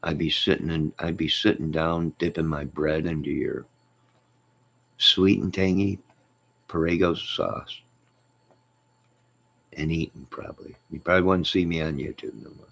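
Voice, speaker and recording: A man's voice: extremely low pitch, steady tone, measured pace, gravelly, pauses often, a bit bright. A man hosting a casual live stream, reading viewer comments and joking with them in a teasing, chuckling way.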